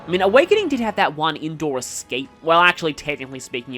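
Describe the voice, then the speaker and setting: A man's voice: fairly high pitch, big pitch swings, quick pace, hardly any pauses, bright, forceful tone, soft background music. A man with an Australian accent giving casual, rambling commentary over a game playthrough, often wandering off on tangents and correcting himself mid-sentence. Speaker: let's play commentator.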